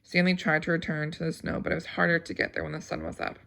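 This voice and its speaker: A woman reading a novel aloud at a steady pace, with small slips and restarts. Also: low voice, quick pace, creaky. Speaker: audiobook reader.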